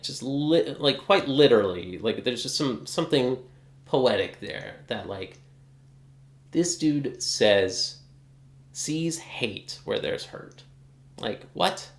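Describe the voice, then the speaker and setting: A man's voice: medium pitch, creaky, fairly bright tone, reverberant. A man ranting casually in a vlog, exasperated and swearing often. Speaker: guitar hobbyist vlogger.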